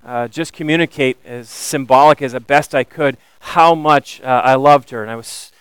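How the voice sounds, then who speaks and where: A man preaching a sermon, animated and building to emphatic questions. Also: medium pitch, normal speed, clear, resonant tone, no room sound, poor audio. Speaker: pastor.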